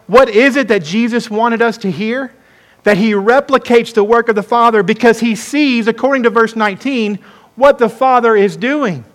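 A man's voice: sits high, fairly bright tone. A male pastor preaching a sermon to his congregation, emphatic and repeating words for emphasis. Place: church sanctuary.

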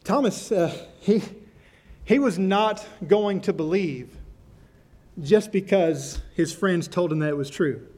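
High-voiced man preaching emphatically. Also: slow pace, a little mellow. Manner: emphatic preaching, repeats and stresses key words, speaks directly to the congregation. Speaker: pastor. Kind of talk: sermon. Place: church.

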